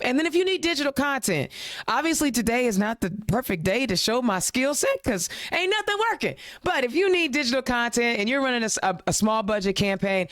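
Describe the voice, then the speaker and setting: A woman's voice: mid-range voice, dry recording. A woman podcast host from Indiana talks with heated, exasperated emphasis and lots of rhetorical questions, slipping into casual slang. Her voice sits in a middle range. The sound is dry and close, with no room behind it. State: a little choked up. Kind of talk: impassioned political rant and show hosting.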